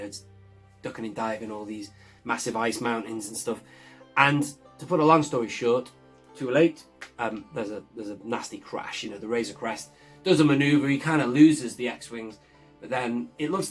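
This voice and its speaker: A man gives a loose, excited recap of a show episode, chuckling as he goes. His voice sits at an ordinary middle pitch. Soft guitar music plays faintly underneath. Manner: enthusiastic, chuckles often while recounting. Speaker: show reviewer.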